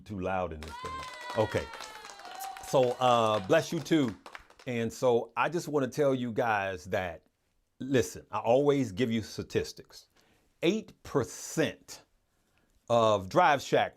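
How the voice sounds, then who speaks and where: Man, livestream host, casual chat, earnest, motivational, rambling, repeats himself, stammers and restarts. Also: mid-range voice. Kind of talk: casual live-stream talk to viewers.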